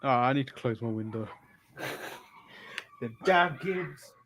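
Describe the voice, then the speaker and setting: A man's voice: medium pitch, expressive, takes it slowly, background noise. A man hosting a live stream, giving offhand running commentary and laughing often as he chats. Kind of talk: casual wrestling watch-along chat.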